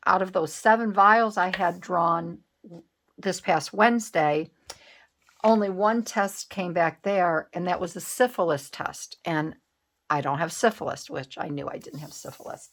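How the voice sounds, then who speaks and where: A woman's voice: on the low side, a little slow, a bit bright. Chatty middle-aged woman crafting on camera. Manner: chatty, rambling, with many fillers and restarts. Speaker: collage craft vlogger. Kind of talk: casual chat while crafting.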